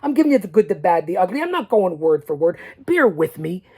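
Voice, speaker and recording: A male podcast host giving a boastful solo recap of a tournament. He talks straight to his listeners, urging them to stay, and drops now and then to a low mutter. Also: sing-song, brisk, dark tone, slightly rough.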